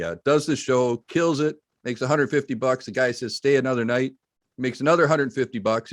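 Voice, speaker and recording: A man hosting an interview, telling a long anecdote with lively quoted speech. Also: medium pitch, dry recording, clean studio sound. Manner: animated storyteller, voices quotes. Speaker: host. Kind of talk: interview storytelling.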